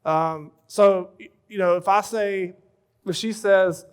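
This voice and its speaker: Relaxed man telling marriage anecdotes. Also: fairly high pitch, moderate pace, clear, resonant tone. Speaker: pastor leading a marriage session. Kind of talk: conversational church talk.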